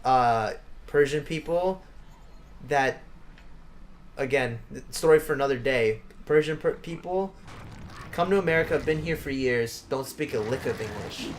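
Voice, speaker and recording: A man's voice: mid-range voice, measured pace, slight background noise. Rambling young man chatting over a game. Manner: rambling, filler-heavy storytelling. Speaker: let's play host. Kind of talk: casual gaming chat. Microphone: close desk mic.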